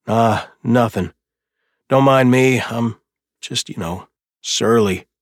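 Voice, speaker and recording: A man's voice: expressive, unhurried, husky, no room sound, clean studio sound, heavily acted. A man voicing a glum, defensive young man who grumbles and sputters back at his brother. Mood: grumbling. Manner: sulky and sputtering, voice pushed higher.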